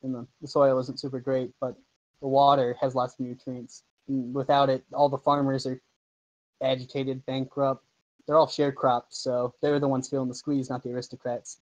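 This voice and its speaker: Man, game master, loose rambling narration, ordinary pitch. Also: flat delivery, normal speed, dull audio. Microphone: home microphone over an online call.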